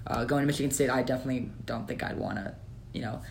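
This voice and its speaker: A man co-hosting a casual sports podcast, opinionated and animated, with lots of fillers. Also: medium pitch, very fast, gravelly, slight background noise. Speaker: podcast co-host.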